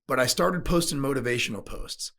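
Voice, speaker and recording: A man's voice: mid-range voice, a little fast, fairly bright tone. A middle-aged man from the USA, a sales and leadership speaker, telling candid stories in an interview, blunt and emotional, swearing casually.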